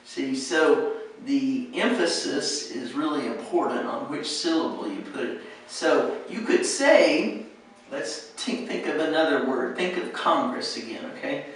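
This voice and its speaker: A woman's voice: a bass voice, expressive, a little slow, very echoey, far from the mic, poor audio. An American woman teaching pronunciation, patiently modeling words and repeating them for her students. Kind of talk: pronunciation coaching.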